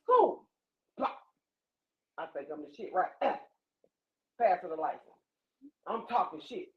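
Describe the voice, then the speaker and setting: A woman from Louisiana hosting a podcast, telling a wild story in a profane, animated way and acting out the voices. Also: on the high side, moderate pace, long pauses. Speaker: podcast host. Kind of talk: casual storytelling chat. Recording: echoey dull lo-fi room.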